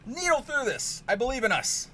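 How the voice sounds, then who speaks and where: A man streaming a card game, ranting and swearing, with sudden loud outbursts in casual chat. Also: extremely high pitch, very animated, moderate pace, a little hiss or hum.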